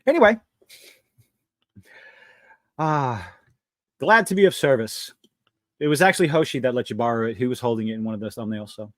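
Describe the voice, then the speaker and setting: A man hosting a live podcast stream, talking fast and excitedly in profane, rambling casual chat. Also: mid-range voice, dry recording, clean studio sound.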